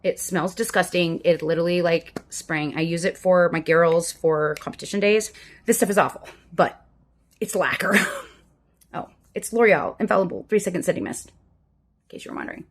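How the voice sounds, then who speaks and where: A woman in her fifties chatting casually to camera from her desk at home about her makeup routine. She is frank and self-mocking and sometimes drops into soft muttered asides. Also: fairly low pitch, moderate pace, a little hiss or hum. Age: 50s. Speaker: vlogger doing a makeup routine.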